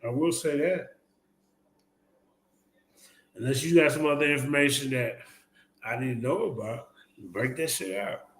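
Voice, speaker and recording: A man hosting a casual streamed discussion, talking in an animated, slangy, emphatic way. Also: mid-range voice, a little slow, pauses often. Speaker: host.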